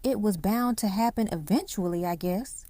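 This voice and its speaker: A woman voicing an anxious, heartbroken young man who speaks haltingly and rawly. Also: medium pitch, mellow, no echo, natural voice. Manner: halting, raw, speaks in dialect.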